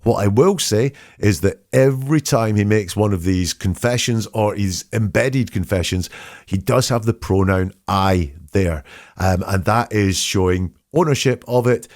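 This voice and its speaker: A man hosting a podcast, analysing statements in a measured, questioning way and reading quotes aloud. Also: lowish voice, a little mellow, no echo, studio quality. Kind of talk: analytical commentary.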